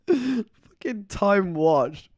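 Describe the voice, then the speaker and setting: A man's voice: high-pitched, dry recording, clean studio sound. A man chatting casually on a live stream, rambling through stories and laughing often. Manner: rambling, animated storytelling with frequent laughs.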